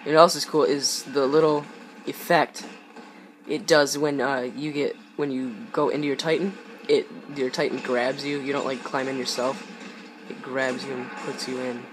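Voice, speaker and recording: A man's voice: mid-range voice, little pitch movement, normal speed. A young man giving rambling, hesitant live commentary while playing a shooter game, with game noise behind him. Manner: rambling, hesitant, many ums. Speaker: gaming YouTuber.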